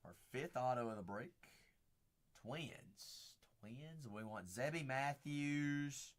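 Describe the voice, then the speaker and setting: A man hosting a live card break, calling out players and teams as he opens packs, chatting with viewers by name and shouting on big pulls. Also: on the high side, lively intonation, unhurried. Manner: chats with viewers by name between cards.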